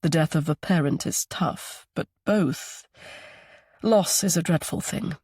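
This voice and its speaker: A man voicing a kind, regretful older grandfather who speaks gently and politely. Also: a little high, unhurried, slightly rough, dry recording, clean studio sound. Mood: gentle.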